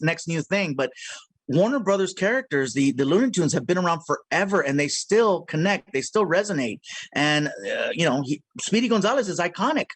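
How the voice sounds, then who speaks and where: Brief: high-pitched male comedian guest, playful storyteller, dry close sound, video call. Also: dry recording. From Mexican heritage. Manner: animated, playful storyteller who slips into character voices. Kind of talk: casual video interview.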